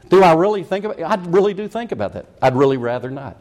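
A man's voice: high voice, expressive, rapid-fire, few pauses, a little mellow. An older male pastor preaching a folksy, conversational sermon full of asides and rhetorical questions.

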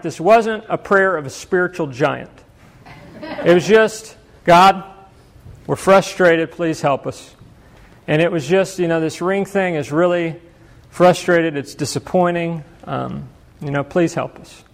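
Middle-aged male pastor, high-pitched, conversational sermon storytelling, self-mocking asides. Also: moderate pace. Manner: conversational, self-deprecating, chuckles often.

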